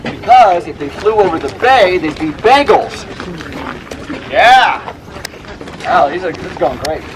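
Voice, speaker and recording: A man's voice: high voice, animated, unhurried. A man leading a hiking tour outdoors on a mountain trail. He is chatty and upbeat and cracks corny jokes. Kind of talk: joking tour narration. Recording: outdoor wind noise.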